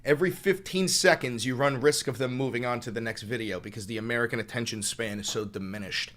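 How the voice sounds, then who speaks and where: A man's voice: mid-range voice, quick pace, a bit bright. Profane ranting New York man. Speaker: streamer. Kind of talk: reacting to live chat.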